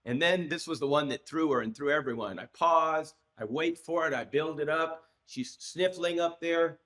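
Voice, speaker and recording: A man in his sixties, a trial lawyer, telling a story as a podcast guest, with frequent restarts and lively acted-out dialogue. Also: on the high side, moderate pace. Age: 60s. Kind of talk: anecdotal storytelling in a podcast interview.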